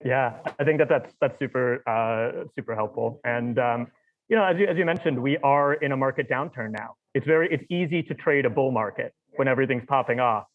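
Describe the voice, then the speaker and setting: A man moderating a virtual panel, asking questions with halting fillers. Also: medium pitch. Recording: tinny phone-like line.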